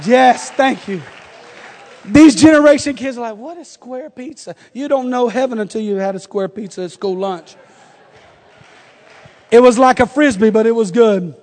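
A man preaching a sermon, telling a personal story in a conversational way with humorous asides. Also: very high voice. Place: church sanctuary. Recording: long hall reverb.

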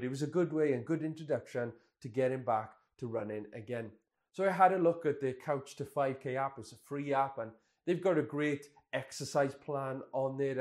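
A man's voice: mid-range voice, darkish tone. A man in his twenties, a pastor telling a candid, self-deprecating personal story in a sermon. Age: 20s.

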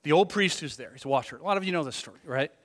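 A male pastor delivers a conversational sermon, swinging from hushed asides to loud, emphatic peaks and posing many rhetorical questions to the congregation. His voice is on the high side, expressive and racing, with long hall reverb.

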